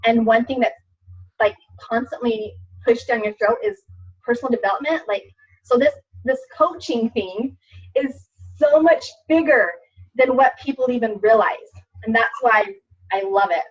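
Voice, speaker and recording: A woman's voice: on the high side, moderate pace. A woman in her thirties, a fitness coach, talking casually with lots of fillers and restarts in a webinar. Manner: chatty, many fillers and restarts. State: tearful at times. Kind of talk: casual testimonial chat. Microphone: webinar recording. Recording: distant, dull lo-fi webinar audio.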